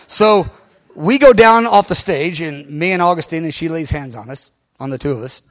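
Male pastor telling a story, high voice, lots of uhs and restarts, gets loud. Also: normal speed. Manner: animated, lots of fillers and restarts, bursts into shouting. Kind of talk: sermon storytelling.

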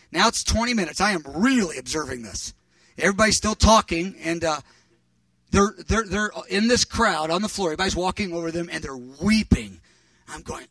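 A man's voice: a little high, pushed and bright, dry recording. Man preaching from a distant mic. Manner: earnest, recounting events with quoted dialogue. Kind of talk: sermon testimony storytelling.

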